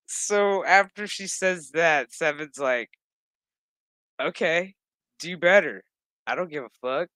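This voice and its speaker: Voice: mid-range voice, sharp tone, no room sound. Sarcastic, profane recap vlogger. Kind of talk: casual recap commentary.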